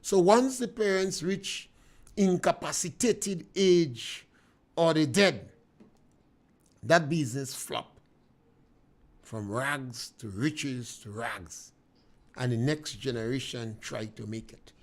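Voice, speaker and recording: A middle-aged Grenadian man hosting a radio talk show, delivering an emphatic, preachy monologue with swings of loudness. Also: medium pitch, slow, pauses often.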